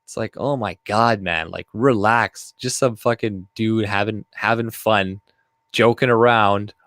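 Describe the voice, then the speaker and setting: A man with a fairly low voice talks through news stories in a loose, rambling way. He swears a lot and reads articles aloud between his comments. The recording is dry, with almost no room sound. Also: steady tone, measured pace, a bit bright, no room sound. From Canada. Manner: rambling and profane, with frequent fillers and laughs. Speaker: video commentator. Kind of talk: casual reaction commentary, reading articles aloud.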